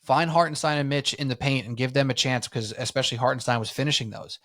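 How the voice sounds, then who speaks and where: Young male podcast co-host, mid-pitched, laid-back and slangy, casual sports banter. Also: fairly even intonation, fast, fairly bright tone.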